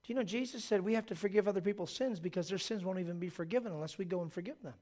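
Animated man preaching with jokes. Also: high voice, racing. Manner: animated, jokey, acts out quoted voices. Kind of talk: sermon with storytelling.

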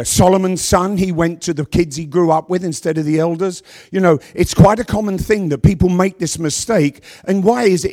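A middle-aged man preaching a sermon to a congregation on a handheld microphone, with a worn voice, asking rhetorical questions and pausing for effect. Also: high-pitched. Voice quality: voice worn from past yelling. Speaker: pastor.

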